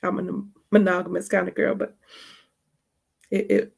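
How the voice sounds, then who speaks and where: Woman podcast host, Baltimore accent with some Texas twang, casual and chatty, laughs often, gravelly voice. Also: on the low side, flat delivery, moderate pace. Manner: chatty, calls listeners honey and y'all; laughs often mid-sentence. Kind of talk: casual spoken monologue.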